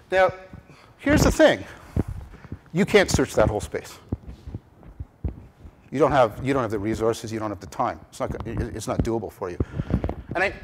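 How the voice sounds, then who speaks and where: A man giving a conference lecture on cognitive science, with animated emphasis, rhetorical repeated questions and frequent restarts. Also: medium pitch, noisy background. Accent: Canadian English. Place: lecture room.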